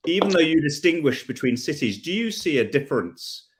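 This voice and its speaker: A man's voice: a little high, sing-song, fairly quick. A man hosting a casual chat who rambles through long, searching questions to his guest. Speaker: podcast host.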